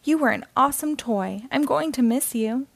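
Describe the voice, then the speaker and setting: A woman's voice: high voice, normal speed, creaky, no room sound. A woman voicing a small boy who wants to play firefighter. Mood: boyish.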